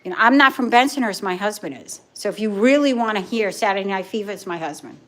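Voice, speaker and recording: A woman's voice: medium pitch, quick pace, a bit bright. A middle-aged woman with a Brooklyn accent, chatting casually with viewers on a livestream, emphatic and repeating herself. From Brooklyn, New York. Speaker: livestream host. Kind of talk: casual live chat with viewers.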